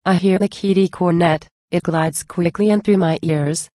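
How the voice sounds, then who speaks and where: A woman giving a measured, declamatory poetry recitation. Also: on the low side, steady tone, mellow, no echo. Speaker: reader.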